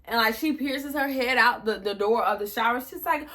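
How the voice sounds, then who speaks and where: Young female vlogger, twenties, crisp bright tone, casual profane storytelling. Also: fairly high pitch, moderate pace, hardly any pauses. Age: 20s. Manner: animated, profane, acts out quotes.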